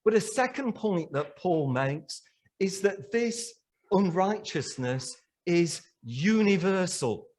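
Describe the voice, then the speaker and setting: A man's voice: sits high, animated, slow pace, darkish tone. A man preaching a sermon in church, emphatic and full of rhetorical questions to the congregation.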